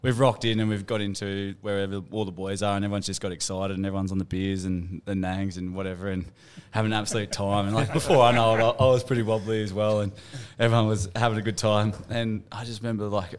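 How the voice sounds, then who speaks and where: A man's voice: fairly low pitch, fairly even intonation, smooth. A man with an Australian accent, spinning a yarn as a podcast co-host. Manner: quick, chatty yarn-spinner. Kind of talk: casual storytelling among mates.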